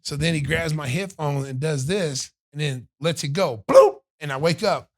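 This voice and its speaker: Animated storytelling man, dry close sound. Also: fairly high pitch, normal speed, no room sound. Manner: animated storyteller, acts out quotes of others. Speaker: podcast host. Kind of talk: casual storytelling chat.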